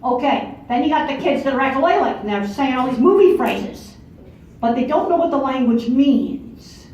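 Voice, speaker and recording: Older woman, blunt and emphatic lecturer, high voice, distant in a big echoing hall. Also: animated, normal speed, darkish tone, slight background noise. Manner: blunt, matter-of-fact, emphatic. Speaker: speaker giving a lecture. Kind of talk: conference talk. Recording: far-off echoey hall, dull lo-fi audio.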